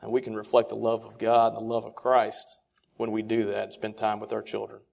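Animated man preaching to fathers. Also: fairly low pitch, brisk, vocal fry. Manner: rhetorical questions, quotes scripture. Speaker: speaker addressing fathers. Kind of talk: sermon-style talk.

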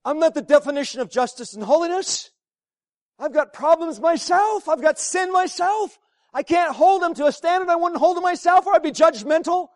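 High-voiced preacher, hushed to shouting. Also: male voice, normal speed, no room sound, studio quality. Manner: dramatic swings from hushed near-whispers to shouting; emphatic, repeats phrases for effect. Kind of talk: sermon.

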